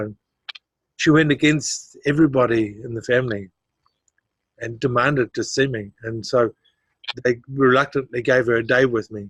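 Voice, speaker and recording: A man's voice: medium pitch, steady tone, normal speed, husky, no echo. A middle-aged man, a guest in a casual interview, telling his life story with animation, acting out the voices of others and laughing often.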